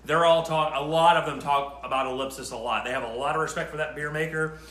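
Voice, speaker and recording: A man's voice: fairly high pitch, steady tone, fast, fairly bright tone, reverberant. A man hosting a casual cooking demonstration, bantering and mock-indignant while he explains each step. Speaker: cooking show host.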